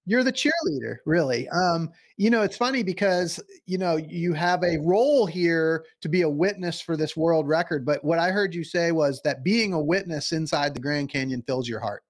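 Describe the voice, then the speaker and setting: A man's voice: fairly high pitch, moderate pace, hardly any pauses. A male podcast host interviewing his guests in an encouraging way, asking reflective questions. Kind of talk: conversational interviewing.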